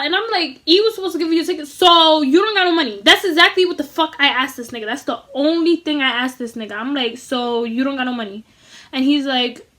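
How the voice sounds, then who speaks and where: A young woman tells a casual storytime in a high voice, animated and full of slang and swearing. She acts out what everyone said as she goes. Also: normal speed. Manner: acts out dialogue in quoted voices. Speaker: vlogger.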